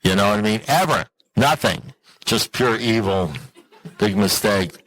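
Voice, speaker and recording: A man telling a humorous personal recovery story to an audience in an animated, self-mocking way, often turning to the listeners with questions. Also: unhurried, no echo, low-quality recording. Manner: animated, self-mocking, with sudden jumps in pitch; conversational, asks the audience questions. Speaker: recovery meeting speaker.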